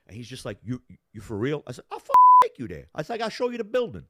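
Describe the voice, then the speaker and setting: A man telling a story in casual talk, profane and animated, acting out the voices of the people in it. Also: mid-range voice, fast. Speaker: storyteller guest.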